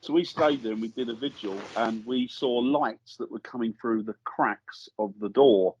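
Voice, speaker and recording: A man, a guest paranormal investigator, telling a lively story in casual chat and acting out the voices he quotes. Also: mid-range voice, moderate pace, dull audio, slight background noise. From England. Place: studio.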